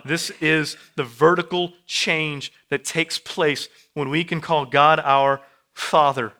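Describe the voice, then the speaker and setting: Bright, clear-voiced preacher man. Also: on the high side, steady tone, slow. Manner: repetitive, building phrases, swings from hushed to loud. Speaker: pastor. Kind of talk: sermon. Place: church sanctuary.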